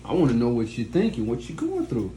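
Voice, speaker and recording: Man preaching bluntly to a group, lively pitch, dark tone, echoey room. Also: quick pace. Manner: blunt, profane, mocking. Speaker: teacher of a study group. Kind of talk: preaching to a class. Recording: echoey room, faint background noise.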